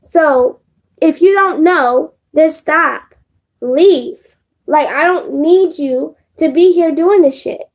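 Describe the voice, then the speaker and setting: A woman's voice: sits high, takes it slowly, a little mellow. A woman doing a casual live stream on her phone, talking bluntly and with profanity straight to her chat. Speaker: live streamer giving readings.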